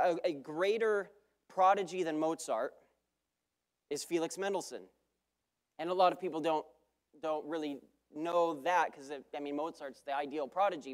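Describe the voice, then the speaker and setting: A man, a guest preacher, delivering a sermon with emphatic repeated phrases and quick self-correcting asides. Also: on the high side.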